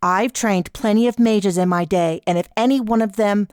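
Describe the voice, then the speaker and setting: A woman's voice: medium pitch, moderate pace, darkish tone, clear, resonant tone, no echo, studio quality, pitched above the performer's own voice, close to an everyday voice. A woman voicing a stern older aunt who teaches magic, asking clipped questions and scolding. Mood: angry.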